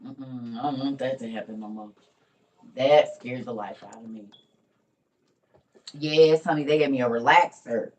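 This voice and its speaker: Older woman, low voice a little off-mic, tired, chatty grandmother storyteller for a home vlog. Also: unhurried, long pauses, a little mellow, distant mic, rough recording. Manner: chatty storytelling, Southern Black vernacular, calls viewers y'all and honey. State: tired and weak. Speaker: vlogger. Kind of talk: casual morning vlog chat.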